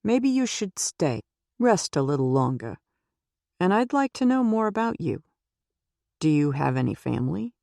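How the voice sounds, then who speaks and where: Woman reading as a calm older nun. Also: low-pitched, moderate pace, creaky, long pauses, dry recording, clean studio sound, full character voice. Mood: concerned. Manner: calm, gently probing questions.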